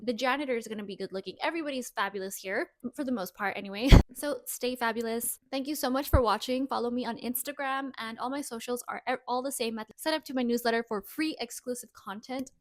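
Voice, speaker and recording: Upbeat girl vlogger reacting to a clip, kinda high voice, dry close mic. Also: no room sound. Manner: chatty, upbeat advice-giving. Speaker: style vlogger. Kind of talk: casual reaction commentary. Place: Los Angeles.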